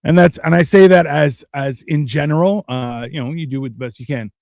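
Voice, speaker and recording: A man's voice: on the high side, fairly quick, creaky, a little mellow, no room sound, studio quality. A man hosting a casual podcast chat, reflective and wry, often restarting his sentences. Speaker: podcast host.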